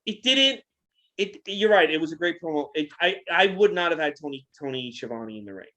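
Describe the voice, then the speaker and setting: A man's voice: on the high side, expressive, fairly quick, fairly bright tone, poor audio. Blunt young man giving critical opinions. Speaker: podcast co-host. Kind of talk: casual post-show chat.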